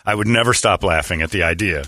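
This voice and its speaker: A middle-aged man hosting a podcast, telling crude funny stories in a casual, animated way and laughing a lot. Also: sits low, fast talker. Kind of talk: casual comedic storytelling.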